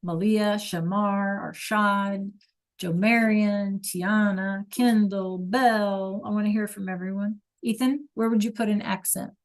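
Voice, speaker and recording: Woman teacher on a zoom class, talks slow, keeps asking "okay?" to check everyone's following. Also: medium pitch, fairly even intonation. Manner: slow, patient explaining with frequent "okay?" check-ins. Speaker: Spanish teacher. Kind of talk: online class lesson over video call.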